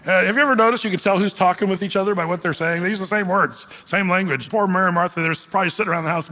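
A man preaching in a loose, conversational way with joking asides. His voice sits high and bright, and the room adds a long hall reverb. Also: quick pace. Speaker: pastor. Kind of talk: sermon.

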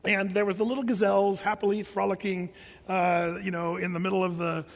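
A man's voice: sits high, flat delivery, fairly quick, big-room sound. An older man preaching a sermon, telling stories with humor and sound effects. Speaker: pastor.

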